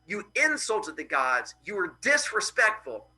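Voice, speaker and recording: A male teacher voicing an angry, shrill goddess in a classroom retelling of a myth. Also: sing-song, unhurried, full character voice, poor audio. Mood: stern. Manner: shrill, shouting, hammy. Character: furious then apologetic goddess Athena.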